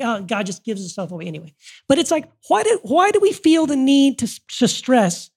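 A woman's voice: a little high, very animated, a little fast, darkish tone, slightly rough. A woman hosting a podcast, talking earnestly in a casual way, often restarting her sentences, recorded live before an audience. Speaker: podcast host.

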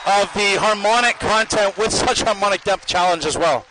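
A man giving running spoken commentary as a marching band judge outdoors on the field, appraising the players with quick bursts of praise. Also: high voice, faint music behind, low-quality recording. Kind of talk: live judging commentary over a performance. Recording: live brass band loud behind.

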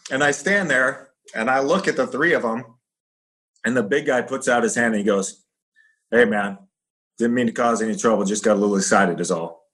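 A man's voice: medium pitch, moderate pace, pauses often. A middle-aged man, a former fighter, telling stories casually and acting out the voices of the people in them. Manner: animated storyteller acting out quoted voices. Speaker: guest, former pro fighter. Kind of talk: casual storytelling.

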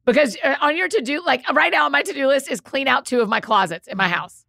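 A woman's voice: high-pitched, fast, gravelly, bright, forceful tone, dry recording, studio quality. A woman, a guest author talking enthusiastically and explaining ideas in a casual podcast chat.

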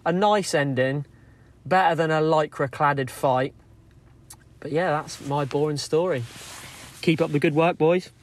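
A man sending in a story, told lively and acting out what people said. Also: on the high side, unhurried, pauses often. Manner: lively storyteller, acts out quotes. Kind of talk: recorded voice note story.

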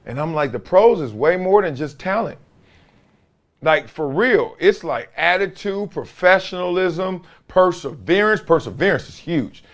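Animated, lively-voiced man telling stories. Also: fairly high pitch, unhurried. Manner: animated, laughing storyteller, slangy and emphatic. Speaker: sports talk show host. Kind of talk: casual sports commentary with storytelling.

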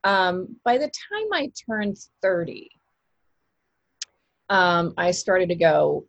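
A woman's voice: fairly low pitch, sing-song, takes it slowly, gravelly, pauses often, no room sound, dull audio. A woman, an actress, talking casually in an interview, rambling with many fillers and restarts. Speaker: actress guest.

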